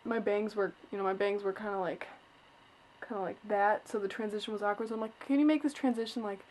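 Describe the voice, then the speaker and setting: A woman's voice: mid-range voice, steady tone, fast, a little mellow, a little hiss or hum. A teenage girl telling a story in a casual vlog, chatty and exasperated, full of "like" and acted-out quotes. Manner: chatty, retells scenes with quoted voices, lots of "like"; exasperated, complaining. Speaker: vlogger.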